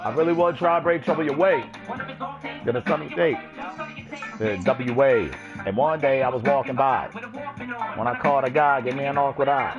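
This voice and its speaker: A man's voice: mid-range voice, normal speed, pauses often. A man in a swaggering, profane, boastful rant, cursing freely. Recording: muffled recording over loud music.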